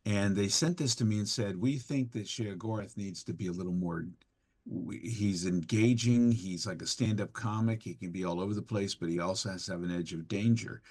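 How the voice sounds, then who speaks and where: A man, a guest voice actor, telling animated, theatrical anecdotes in an interview. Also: on the low side, moderate pace, breathy edge. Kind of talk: interview storytelling.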